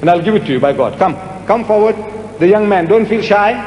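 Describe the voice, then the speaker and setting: A man's voice: sits high, expressive, fairly quick, a little mellow. A man giving a public lecture and answering audience questions, speaking emphatically and repeating words for effect. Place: large lecture hall with audience. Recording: echoey hall with long reverb, faint noise.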